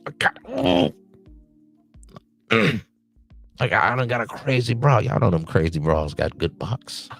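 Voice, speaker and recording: A man with a very low, gravelly voice runs a loose late-night podcast stream. He lectures his listeners like an uncle handing out hard-won street advice, with faint music playing behind him. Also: lively intonation, normal speed, a bit bright. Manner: streetwise, preachy advice to "nephews". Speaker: podcast host. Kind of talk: casual late-night livestream monologue.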